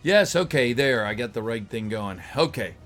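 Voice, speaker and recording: A man's voice: medium pitch, expressive, normal speed, music in the background. A man chatting casually with his livestream viewers, reading their messages aloud and greeting them, his voice a little tired. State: voice getting tired. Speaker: voice actor reading a script on a livestream.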